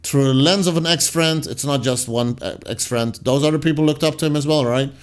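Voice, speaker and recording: A man reading viewer comments off the screen and arguing with them in a casual, rambling way. His voice sits a little higher than most men's. Sarcastic asides often sink into low mutters. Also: a little fast, clean tone. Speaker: commentary channel host.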